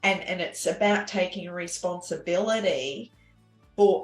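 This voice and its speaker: A woman telling her personal story as an interview guest, earnest and halting, with many restarts and fillers. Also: fairly low pitch. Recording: echoey room with faint music.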